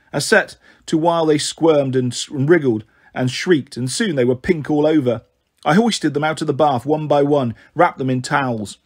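A man narrating a children's novel in a steady first-person reading. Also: medium pitch, husky. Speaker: storyteller.

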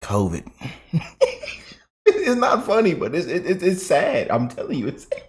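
A man's voice: sits high, wildly swooping pitch, a little slow, a little hiss or hum. A man giving casual political reaction commentary, chatty and loose, laughing often and repeating himself.

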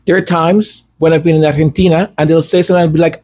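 A man's voice: a little high, little pitch movement, fast, darkish tone. A man whose first language is Spanish, hosting a casual, rambling commentary monologue with self-deprecating asides. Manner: chatty, digressive, self-deprecating. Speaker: commentary channel host.

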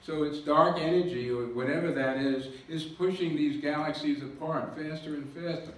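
A man's voice: a little high, fairly even intonation, moderate pace. A man giving a public lecture with slides, explaining step by step and poking fun at himself. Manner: jokey, self-deprecating, explains with slides. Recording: echoey hall recording from far off.

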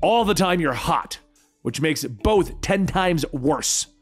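A man voicing a brash, sarcastic male mercenary antihero in a comic book story, with whiny, loud outbursts. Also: fairly high pitch, lively intonation, slow pace, husky, soft background music, heavily acted. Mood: whiny mocking.

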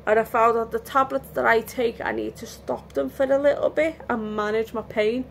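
Her voice is fairly high and gravelly, with fairly even intonation and a moderate pace, as this weary vlogger chats candidly in a casual home lockdown video. She rambles, restarts her sentences and yawns from time to time, with slight noise in the background.

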